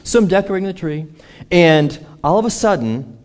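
A man's voice: sits high, animated, moderate pace. A man preaching a sermon, telling a personal story and acting out the voices of the people in it.

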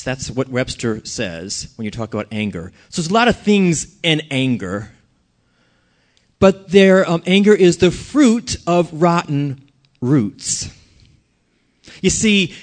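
A man pastoring his church, preaching in an earnest, conversational way and putting questions to the congregation. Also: a little high. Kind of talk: sermon.

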